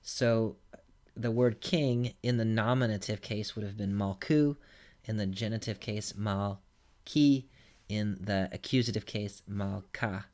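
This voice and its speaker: A man's voice: fairly low pitch, measured pace, a little mellow. Patient male teacher explaining grammar. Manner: patient, explanatory, stepping through examples. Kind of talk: recorded lecture.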